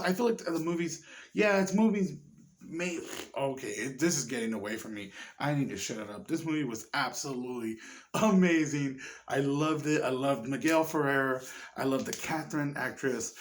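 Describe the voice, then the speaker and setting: A man reviewing a horror movie in a casual, rambling way, swearing often and getting excited. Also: medium pitch. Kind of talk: casual chat.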